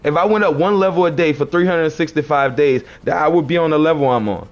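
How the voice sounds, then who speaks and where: A man with a fairly high speaking voice, talking on a livestream. He argues with commenters in a preachy, confrontational way. He keeps repeating his phrases. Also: quick pace. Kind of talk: arguing with live chat commenters.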